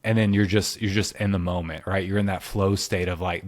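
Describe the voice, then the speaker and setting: A man's voice: sits low, little pitch movement, a little fast, dry recording. A man hosting a casual podcast, telling stories in a chatty way and laughing often. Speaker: podcast host.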